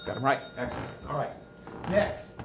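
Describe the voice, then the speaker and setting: A man's voice: medium pitch, expressive, moderate pace. A man with a South Louisiana accent teaching French, going over answers and asking questions he answers himself. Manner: patient, asks questions and answers them himself. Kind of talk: recorded classroom lesson going over answers. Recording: echoey room, faint ambient noise.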